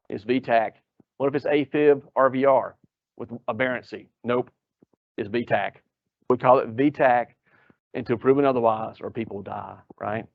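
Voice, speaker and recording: A man's voice: medium pitch, dry recording. Man, ER doc teaching a room of medics, quizzes and wisecracks, dry muffled recording. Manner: joking, quizzing the audience. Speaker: emergency physician lecturer. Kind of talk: live lecture to EMS providers. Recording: dull lo-fi lecture audio.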